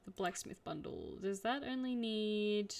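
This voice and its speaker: A woman's voice: medium pitch, big pitch swings, a little slow, gravelly, slight background noise. A young woman chatting casually while streaming a game, telling an exasperated story. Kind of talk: casual gameplay chat.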